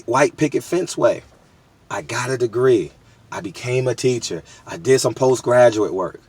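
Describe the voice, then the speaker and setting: A man's voice: mid-range voice, dry recording. A man in his thirties from the United States, talking straight to his viewers in a candid, emphatic, street-casual monologue full of repeats. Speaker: boxing media vlogger.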